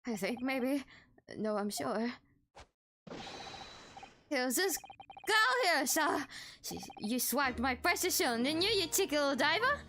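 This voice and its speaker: A woman's voice: high-pitched, animated, a little slow, long pauses, pushed and bright, a little hiss or hum, voice pushed up, full character voice. A woman voicing an eager young male constable. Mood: earnest.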